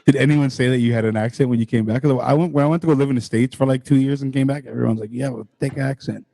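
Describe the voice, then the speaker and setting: A man's voice: medium pitch, fairly even intonation, creaky, warm tone. A man co-hosting a podcast, cracking crude jokes and bantering casually. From Canada. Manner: joking, crude, quick with banter. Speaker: podcast co-host. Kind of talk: casual chat.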